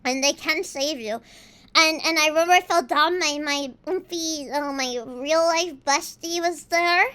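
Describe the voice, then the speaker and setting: Woman streamer, very high pitched, bright and forceful; rambling, teasing, dramatic casual chat on a home desk mic. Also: measured pace. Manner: dramatic, swings between loud and quiet. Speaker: VTuber streamer.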